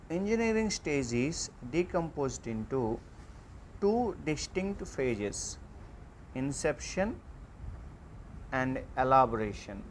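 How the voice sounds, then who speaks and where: A man giving an online class lecture, reading out slide points in a slow, halting way with frequent fillers. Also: a little high, slight background noise.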